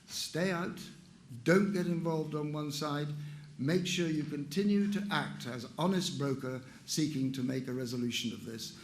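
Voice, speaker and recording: A man's voice: medium pitch, a little hiss or hum. An older man answering audience questions at a conference, frank and emphatic. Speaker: conference speaker. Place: conference room. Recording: echoey conference hall.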